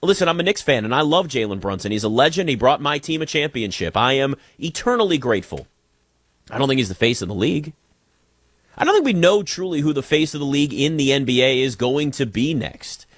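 A man hosts a casual sports talk show, pushing his opinions with emphasis. His pitch swings widely as he talks. The sound is dry and close, with no room around it. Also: big pitch swings, fairly quick, fairly bright tone, no room sound.

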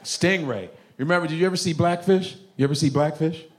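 A man doing a profane stand-up comedy routine, animated, often bursting into shouts. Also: fairly high pitch, fast talker, slight background noise.

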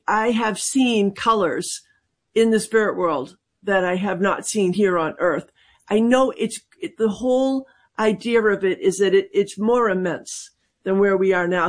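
A woman who works as a medium is a guest on a call-in radio show. She speaks thoughtfully and hesitantly in a mid-range voice, with many fillers and restarts.

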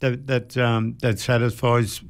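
A man's voice: mid-range voice, little pitch movement, a little slow, clear, resonant tone. A man co-hosting a radio show, speaking with hesitant fillers. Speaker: radio co-host. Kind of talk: casual radio chat.

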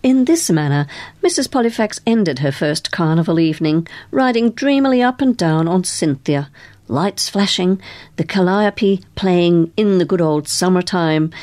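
Low-voiced woman narrating a novel. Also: a little mellow, no echo. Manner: measured storytelling. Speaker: audiobook narrator. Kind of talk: scripted narration.

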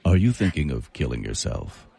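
A man's voice: deep voice, wildly swooping pitch, unhurried, vocal fry, mellow, breathy edge, a faint crowd, heavily acted. An actor playing a sly, devilish man posing as a suicide hotline counselor, coaxing and sinister. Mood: smooth. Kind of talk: audio drama acting.

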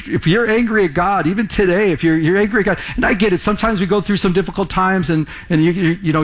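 Guy preaching, kinda higher voice, chatty, keeps restarting and asking the crowd stuff. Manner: conversational preaching, repeats words and restarts; asks the congregation questions. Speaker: pastor. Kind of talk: sermon.

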